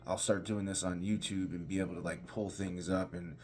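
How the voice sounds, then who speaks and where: A pastor teaching an informal devotional, talking conversationally with restarts and emphatic repetition. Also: male voice, sits low, flat delivery, brisk, noisy background.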